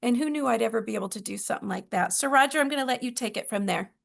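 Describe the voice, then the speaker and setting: A woman's voice: on the high side, very fast, gravelly, fairly bright tone. A woman hosting a wellness video call, chatty and emotional, with many fillers. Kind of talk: casual presentation on a video call.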